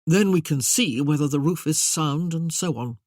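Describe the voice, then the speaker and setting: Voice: medium pitch, moderate pace, a little mellow, no room sound, natural voice. An audiobook narrator voicing an authoritative nobleman with a dry, cutting tone. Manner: dry, commanding. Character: dry, authoritative aristocratic Duke.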